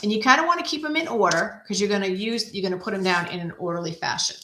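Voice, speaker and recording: A woman's voice: medium pitch, fast talker, pushed and bright, a little hiss or hum. A woman hosting a casual card-making demonstration, chatting and thinking aloud as she works, poking fun at herself. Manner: chatty, self-deprecating, thinks aloud while working. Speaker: craft video host. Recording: echoey room.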